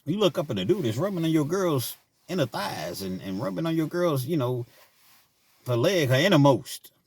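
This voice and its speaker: A middle-aged man casually telling a personal story, laughing often and swinging between loud bursts and quiet asides. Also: fairly high pitch, very animated, normal speed, husky, dry recording. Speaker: storyteller vlogger.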